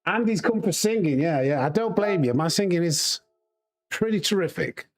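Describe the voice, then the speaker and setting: He's a Yorkshire sim racing streamer chatting to his live chat during play, rambling freely and laughing easily. His high voice has lively intonation and a moderate pace.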